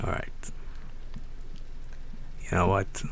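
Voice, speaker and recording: A young man with a hoarse voice, chatting casually on his stream in a rambling, laid-back way with lots of fillers. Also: lowish voice, lively intonation, a little slow, a little hiss or hum.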